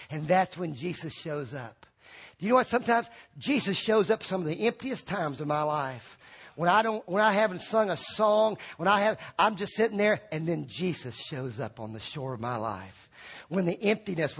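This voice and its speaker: A man preaching a lively sermon, acting out quoted voices and shouting for emphasis. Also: high-pitched, breathy edge.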